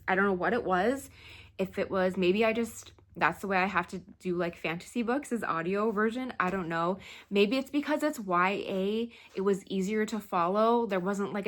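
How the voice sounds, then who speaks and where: A young woman chatting casually about books on her channel, talking in an animated way and laughing often. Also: mid-range voice. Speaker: book vlogger. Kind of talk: casual chat.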